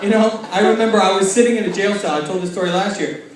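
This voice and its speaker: A young man doing stand-up, telling self-mocking stories and acting out quick quotes. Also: high-pitched, fairly even intonation, a crowd in the background, background noise. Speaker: stand-up comedian. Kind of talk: stand-up comedy. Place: large hall with a laughing audience. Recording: echoey hall taped from far off.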